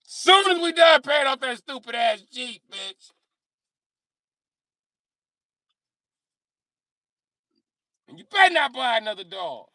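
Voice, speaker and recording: A man voicing a shrill, cursing Eastern European girlfriend, shrieking in an argument. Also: moderate pace, pushed and bright, dry recording, clean studio sound. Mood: scolding. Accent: Eastern European (put on).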